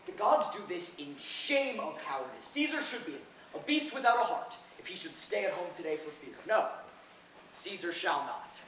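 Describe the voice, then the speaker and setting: A man's voice: high-pitched, lively intonation, moderate pace, fairly bright tone. A man playing Caesar, a proud and defiant Roman ruler in an outdoor stage play, declaiming boastfully. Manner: boastful, declamatory, talks of himself by name. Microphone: far camera. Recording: distant, echoey open-air stage recording with noise.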